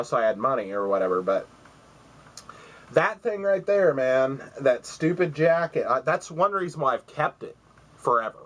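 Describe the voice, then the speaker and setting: A man's voice: fairly low pitch, a bit bright, poor audio. A man in his forties telling a rambling, profane story to camera, acting out the other voices as he goes. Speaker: vlogger.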